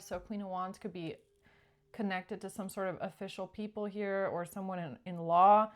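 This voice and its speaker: A woman's voice: mid-range voice, fairly even intonation, normal speed. A woman doing a casual tarot reading, chatty and acting out pleading quotes along the way. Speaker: tarot reader.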